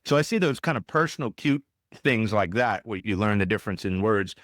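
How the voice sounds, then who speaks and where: A man hosting a podcast interview, telling lively anecdotes in a casual way. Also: lowish voice, fairly quick, no echo, studio quality. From United States. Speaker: podcast host.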